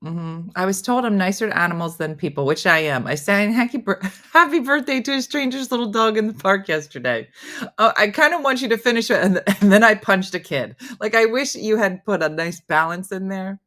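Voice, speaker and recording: A woman's voice: mid-range voice, a little fast. Middle-aged lady chatting on her live show, laughs a lot, goes all whispery sometimes. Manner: chatty and animated, laughs often, drops to mock whispers. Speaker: host reading viewer comments. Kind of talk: casual live-stream chat.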